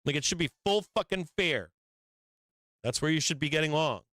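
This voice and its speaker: A man's voice: on the high side, animated, moderate pace, pushed and bright, no room sound. A man hosting a live stock market show, giving blunt and profane trading commentary with frequent emphatic swearing and laughs between points.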